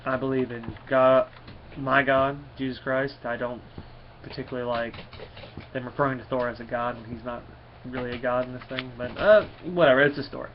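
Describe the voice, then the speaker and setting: Folksy guy rambling through a comic review, mid pitch, dull lo-fi recording w/ faint hiss. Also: flat delivery, moderate pace. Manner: rambling, folksy, restarts words. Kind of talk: casual comic review, reading aloud.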